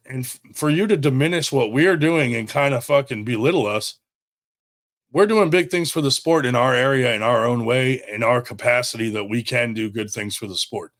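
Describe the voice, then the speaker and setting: Blunt swearing man on camera. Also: mid-range voice. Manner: blunt and heated, swears often, many restarts. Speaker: brand owner addressing a rival promoter. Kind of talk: direct-to-camera statement.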